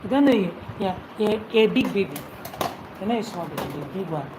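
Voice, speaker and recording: A woman's voice: mid-range voice, lively intonation, brisk, very noisy. A woman chatting and teasing her family on a casual live stream, now and then singing to herself. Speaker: vlogger.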